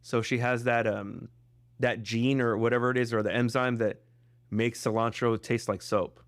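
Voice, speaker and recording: A man hosting a relaxed podcast conversation from a video call. He talks in a chatty, joking way, with plenty of fillers and restarts as he goes. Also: medium pitch, normal speed, no room sound. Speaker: podcast host. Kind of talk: casual chat.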